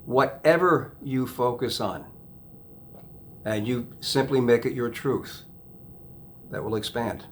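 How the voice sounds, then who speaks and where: Rambling man hypnotist, soft "okay?"s. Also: slow, pauses often, slight background noise. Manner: rambling, restarts sentences, repeats key phrases; drops to a soft, low "okay?" after points. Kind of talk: casual self-help talk to camera.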